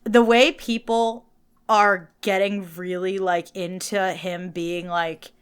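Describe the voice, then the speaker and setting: A woman with a New Jersey accent co-hosting a podcast in casual chat, animated and laughing, acting out little quotes. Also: medium pitch, takes it slowly, clear, resonant tone. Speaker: podcast co-host.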